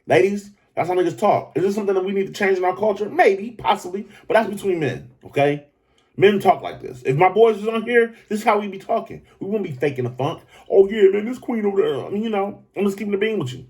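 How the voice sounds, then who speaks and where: A man hosting a podcast, talking in a loose, profane, animated commentary style that keeps jumping up into excited high pitches. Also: fast. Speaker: podcast host. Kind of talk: casual commentary monologue.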